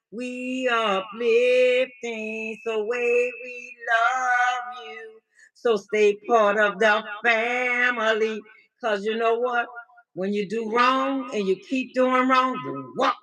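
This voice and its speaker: A woman coach hosts a laid-back livestream check-in and talks at an unhurried pace. Her voice is bright and forward. She is playful and chatty, reads out viewers' names and calls them baby while mixing in faith-based encouragement. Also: medium pitch, poor audio. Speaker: life coach and livestream host.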